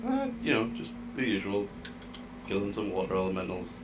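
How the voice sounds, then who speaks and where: A man's voice: fairly low pitch, sing-song, brisk. A man playing a tabletop game, joking and blunt in his suggestions. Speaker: player. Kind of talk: casual tabletop play. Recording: noisy line with hum.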